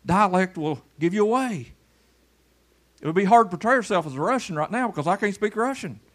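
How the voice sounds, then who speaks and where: Pastor guy preaching in church, folksy, kinda high voice, jumps from loud calls to quiet mutters. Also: lively intonation, brisk. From Kentucky. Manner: folksy, swings between loud calls and low murmurs. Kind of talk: sermon with audience demonstration.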